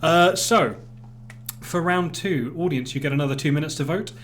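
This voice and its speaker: A man's voice: on the high side, normal speed, a bit bright, slight background noise. A man hosting a casual live game show, joking while he runs the rounds. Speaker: game host.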